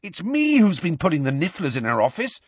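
Man voicing a cheeky, sheepish teen boy, raised pitch. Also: huge pitch swings, a little fast, breathy edge, no room sound, muffled recording, heavily acted. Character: cheeky teenage wizard boy.

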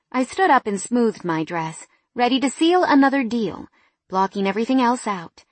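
A woman narrates a first-person romance audiobook with an expressive delivery that turns sharp-tongued in the arguments. Her voice is soft and husky, with a touch of breath. It is recorded close and completely dry. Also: a little high, normal speed, no echo.

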